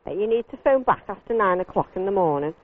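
Firm English receptionist on a tinny phone line. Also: female voice, medium pitch, animated, fast talker. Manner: polite but firm, curt. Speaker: hotel receptionist.

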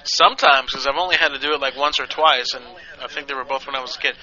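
A man's voice: medium pitch, steady tone, fast talker, bright, forceful tone, muffled recording. A man hosting a live web call-in show, chatting casually and rambling with fillers and restarts. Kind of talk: casual chat.

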